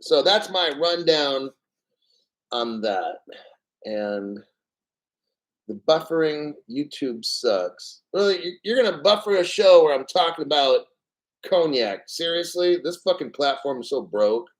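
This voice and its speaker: A man hosting a casual livestream, rambling and profane and clearing his throat often. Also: on the high side, animated, normal speed, rough recording. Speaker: crypto livestream host.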